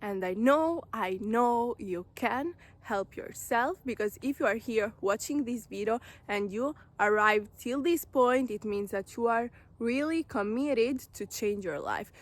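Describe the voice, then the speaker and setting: Woman, high voice, unhurried; earnest self-help vlogger talking straight to camera. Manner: earnest, direct, repeats phrases for emphasis. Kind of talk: motivational talk to camera.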